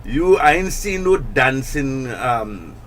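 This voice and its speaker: A man's voice: mid-range voice, sing-song, slow pace, fairly bright tone. Casting note: male radio DJ, Tobagonian accent, jokey and loose, faint studio hiss behind him. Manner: chatty, jokey, loose with restarts. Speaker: radio host. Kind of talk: casual radio banter.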